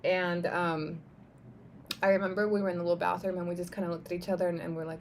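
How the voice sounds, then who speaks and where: Fast and lowish-voiced, a young woman tells a personal story on a live stream in a casual, animated style. She peppers it with "like," "right?" and the odd swear word, while a little hiss or hum runs in the background.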